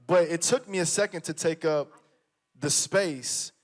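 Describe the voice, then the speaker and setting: A man's voice: fairly high pitch, a little slow. A man, an actor on a panel, chatting casually and emphatically about his work on set, often repeating himself. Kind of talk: casual conversation.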